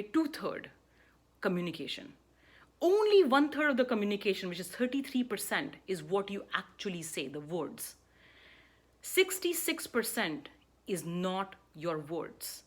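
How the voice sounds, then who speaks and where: A middle-aged woman coach giving a talk on public speaking, emphatic, often checking in with a rhetorical "right?". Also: medium pitch.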